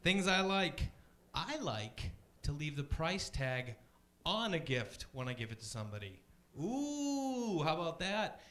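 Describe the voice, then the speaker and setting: A man doing a chatty stand-up comedy set on a club stage, deadpan, often jumping into high voices for other people. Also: a little slow, few pauses.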